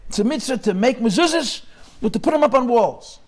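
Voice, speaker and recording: Man, Torah class lecture, high voice, questioning. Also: lively intonation, fairly quick. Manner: mixes English with Yiddish and Hebrew terms, questioning. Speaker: Talmud class teacher.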